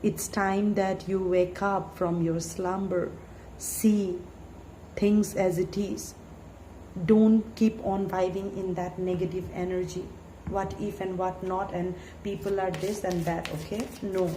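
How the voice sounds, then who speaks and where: A woman's voice: mid-range voice, flat delivery, slow pace, warm tone, a little hiss or hum. A woman tarot reader giving a spiritual reading, earnest and pleading, full of "you know" fillers. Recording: echoey room with faint ambience.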